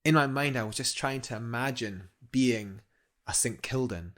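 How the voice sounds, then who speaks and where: A man's voice: mid-range voice, moderate pace, fairly bright tone. A young man, a guest climber, telling a story eagerly in a casual interview, rambling with fillers and restarts.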